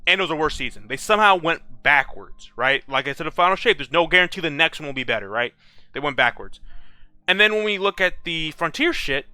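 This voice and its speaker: Here the gaming creator, a young man, is fairly quick and animated, his fairly high voice pushed and bright. Faint music plays behind him with no room sound as he vents profanely about a game in a casual vlog, often restarting lines.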